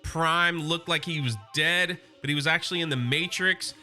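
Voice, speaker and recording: A man's voice: fairly high pitch, steady tone, normal speed, bright, forceful tone, soft background music. A man hosting a comic book channel, casually and enthusiastically recapping an issue and reading the quotes aloud.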